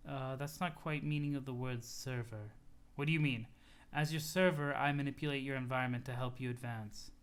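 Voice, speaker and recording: A man voicing a calm, detached young female troll ghost in a quiet, flat, matter-of-fact way. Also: medium pitch, brisk, clear, resonant tone, voice pushed down, close to an everyday voice.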